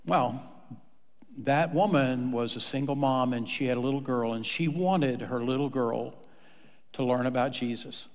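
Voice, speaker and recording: A man's voice: medium pitch, a little slow, in a large hall. A man preaching a sermon as pastor, telling stories and acting out the people in them. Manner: storytelling, animated, acts out quoted voices.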